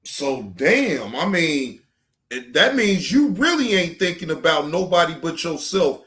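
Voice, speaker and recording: Slow-talking male reaction host. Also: a little high, big pitch swings, fairly bright tone. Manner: preachy, repeats himself, asks "right?". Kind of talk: casual commentary.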